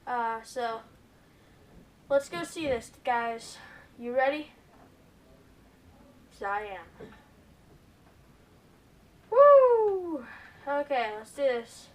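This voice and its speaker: A woman hosting a gaming video, giving excitable gameplay commentary and often calling out to her viewers. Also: on the high side, takes it slowly, long pauses, distant mic, slight background noise. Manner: excitable, keeps addressing viewers as "guys".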